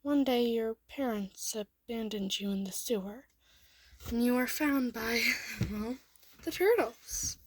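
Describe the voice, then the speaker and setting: A woman's voice: fairly high pitch, measured pace, dry recording. A woman reading a second-person fan story aloud, often in a half-whisper.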